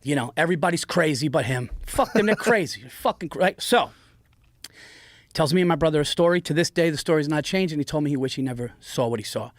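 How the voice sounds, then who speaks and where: A man in his forties telling a story in an animated, profane way on a podcast, often slipping into an impression of his father. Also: fairly high pitch, quick pace, dry recording, clean studio sound. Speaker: guest. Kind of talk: casual storytelling. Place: podcast studio. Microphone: studio mic.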